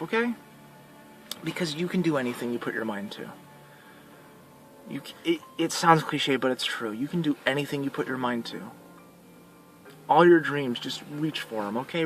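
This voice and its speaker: A man's voice: medium pitch, fairly bright tone. A man talking earnestly in a heartfelt personal vlog, rambling, with frequent restarts. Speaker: vlogger.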